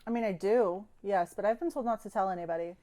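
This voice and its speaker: A woman's voice: medium pitch, quick pace, mellow, close to an everyday voice. A woman voicing a flirty, smug handsome man who teases the players. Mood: teasing. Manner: smug, teasing.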